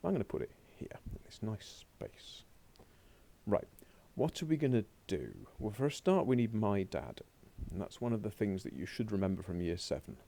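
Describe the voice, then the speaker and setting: A man's voice: fairly low pitch, very animated, normal speed, vocal fry, warm tone. A man teaching a recorded remote French lesson, chatting to himself as he works through slides on a laptop. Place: home or classroom desk at a laptop.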